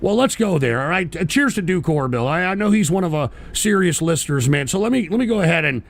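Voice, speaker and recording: A livestream host with a slightly high, animated voice rants quickly and profanely, exasperated and stammering as he restarts his sentences. There's a little background noise behind him.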